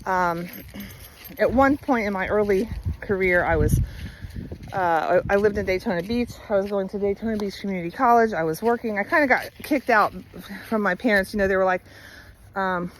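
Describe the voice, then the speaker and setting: A woman's voice: medium pitch, normal speed, a little hiss or hum, rough recording. A woman vlogger telling her life story in a candid, chatty way with many fillers and easy laughs, outdoors while walking her dog. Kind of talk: casual personal storytelling.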